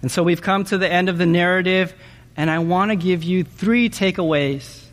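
A man preaching a sermon in an animated way, often asking his listeners questions and checking in with them with "okay?". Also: high voice, moderate pace, big-room sound. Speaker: pastor.

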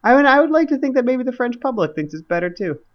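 A man co-hosting a casual cycling podcast, chatty and relaxed with lots of "like" and "you know". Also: extremely high pitch, fast talker, dull audio. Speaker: podcast co-host.

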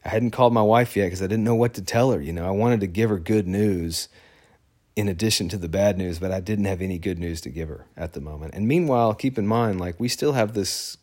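Low-voiced man telling a wry story. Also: a little fast, a little mellow. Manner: rambling, many fillers and self-corrections; wry, laughs at his own story. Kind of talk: casual personal storytelling.

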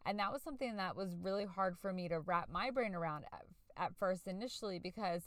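A woman's voice: mid-range voice, dry recording. Earnest, chatty woman podcast host. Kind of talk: casual solo podcast talk.

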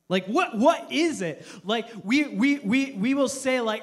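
A man's voice: extremely high pitch, expressive, unhurried, few pauses, a bit bright. A man preaching a humorous sermon to a live audience, joking and asking the crowd for applause and amens. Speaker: pastor. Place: church auditorium with live audience.

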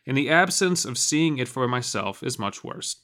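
A defiant young man trapped in a simulation, as a man reads him aloud, his voice angry and rising against his captors. His pitch sits in an ordinary middle range, and he talks like a storybook character pushing back. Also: animated, normal speed, bright, forceful tone.

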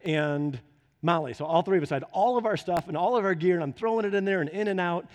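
A man's voice: sits high, quick pace. A man preaching a sermon, telling a homely story and then urging his listeners on with fervent exhortation. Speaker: pastor. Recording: long hall reverb.

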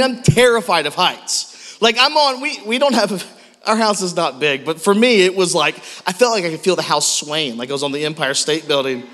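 Male pastor, sermon, self-deprecating storyteller, bright high voice, long hall reverb.

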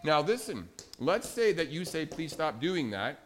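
Animated man leading a children's sermon. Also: fairly high pitch, measured pace, slight background noise. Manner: animated, asks children questions. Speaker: pastor. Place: church sanctuary.

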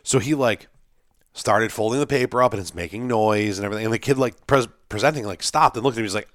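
A young man in casual podcast chat, telling an animated story, acting out quotes and swearing freely. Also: lowish voice, fast, no room sound, studio quality.

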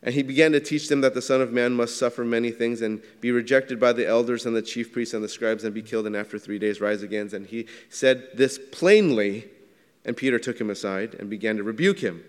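Man preaching a relaxed sermon in a hall. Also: medium pitch, fairly quick. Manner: conversational, asks the congregation questions. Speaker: pastor.

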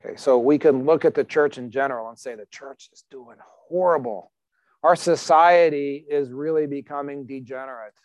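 A man's voice: medium pitch, normal speed, dry recording, muffled recording. A man preaching a sermon as pastor in a conversational, emphatic way, asking the congregation questions.

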